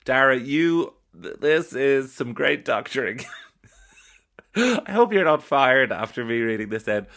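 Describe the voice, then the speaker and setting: A man's voice: mid-range voice, expressive, slow pace, fairly bright tone. An Irish man hosting a comic podcast, reading listener emails aloud and stopping to riff on them with a wry, playful manner. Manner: wry, playful, stops to riff on what he reads. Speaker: podcast host.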